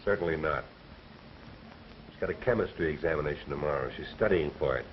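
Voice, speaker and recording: A surly gambler with a very deep voice, clipped replies, dull old film soundtrack. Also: male voice, a little fast, slight background noise. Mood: terse. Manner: terse, clipped answers. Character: curt, surly male nightclub gambler. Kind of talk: 1930s film acting.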